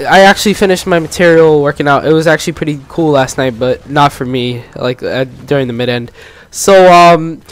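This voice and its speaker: Rambling teenage guy telling a story. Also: on the high side. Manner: rambling, lots of fillers and restarts. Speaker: gaming channel host. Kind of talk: casual storytelling commentary.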